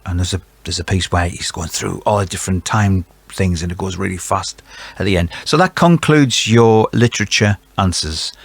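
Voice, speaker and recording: A man's voice: low-pitched, normal speed, creaky, breathy edge, no echo. A middle-aged man reads out quiz answers and keeps breaking off into chatty, jokey asides, sometimes talking to himself. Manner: rambling, jokey, talks to himself. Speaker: quiz host.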